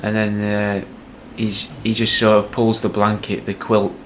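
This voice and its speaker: A man casually pitching a sketch idea, rambling with hesitant restarts. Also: monotone, a little slow, fairly bright tone, slight background noise. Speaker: comedy podcast host.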